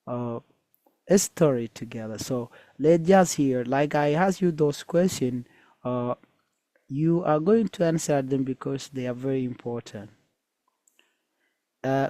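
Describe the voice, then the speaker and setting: A man reads a folktale aloud at a very slow pace, pausing often and hesitating with fillers as he explains it to listeners. His voice is mellow and dark, and the recording is dry and close. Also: medium pitch, dry recording. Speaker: storyteller and teacher.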